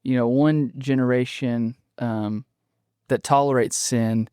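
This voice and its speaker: A man as a podcast guest, explaining a book thoughtfully with frequent pauses and restarts. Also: mid-range voice, steady tone, darkish tone, smooth, no echo, clean studio sound. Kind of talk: casual conversational interview.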